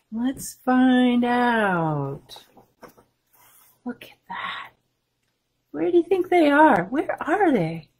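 Children's librarian at story time, animated, asks the kids questions, high voice. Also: female voice, slightly rough. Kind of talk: reading a picture book aloud to children.

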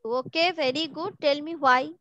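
A woman's voice: high-pitched, steady tone, a little fast, a bit bright, highs cut off. A woman teaching an online class, patiently repeating each question and word for her pupils. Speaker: school teacher. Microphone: video call from home.

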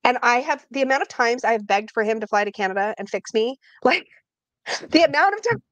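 A woman co-hosting a livestream, chatting in an excitable way with frequent laughs. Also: fairly high pitch, fairly quick, no echo. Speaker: co-host. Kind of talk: casual livestream chat.

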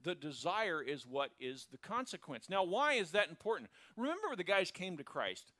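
Bright, animated male preacher. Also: high voice, moderate pace, dry recording. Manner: animated storytelling, acts out quoted characters. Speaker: pastor. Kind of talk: sermon.

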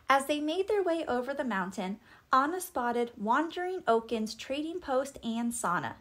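A woman reading a children's storybook aloud, with expressive, animated narration as the host of the channel. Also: a little high, moderate pace. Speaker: storybook reader.

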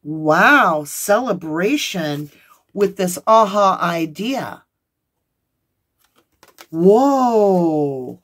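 A woman with a fairly low voice reads tarot cards for her viewers. She is excitable and gushing and talks straight to them as each card turns up. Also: unhurried. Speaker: tarot reader.

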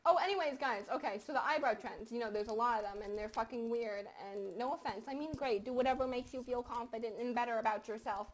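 A young woman with a high voice chats casually over her gameplay, swearing and joking. She keeps up a loose, rambling patter that bursts into sudden loud yells. She records on a close mic at home. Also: fast talker, few pauses, a little hiss or hum. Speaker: gaming commentator.

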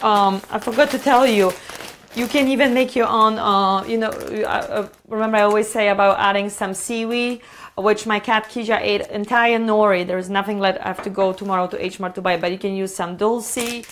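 A woman's voice: medium pitch, steady tone, moderate pace, a bit bright, slight background noise. Woman, cooking show host, casual and enthusiastic, rambling delivery. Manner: chatty, enthusiastic, many fillers and restarts. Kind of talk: live-streamed cooking demo chat. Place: home kitchen.

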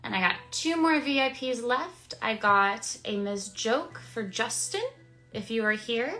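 A woman's voice: on the high side, animated, measured pace, sharp tone, a little hiss or hum. A woman streaming casually, chatting with fans while she signs prints, with frequent ums and small laughs. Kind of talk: casual livestream chat.

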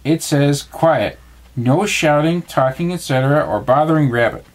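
A man voicing a fussy male rabbit who loves peace and quiet, in a bedtime storybook reading. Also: fairly high pitch, moderate pace, close to an everyday voice. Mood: cross. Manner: prim, cross, pleading.

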